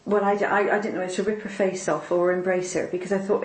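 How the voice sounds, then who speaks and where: A woman's voice: medium pitch, little pitch movement. Emotional woman telling a personal story, roomy echo. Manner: halting, repeats words, tearful at moments. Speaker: interviewee. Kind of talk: personal faith testimony.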